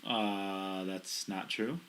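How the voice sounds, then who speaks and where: Bright-voiced playful pool commentator man. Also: low voice, steady tone, drawn-out words. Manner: playful, banters and jokes. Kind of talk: live sports commentary.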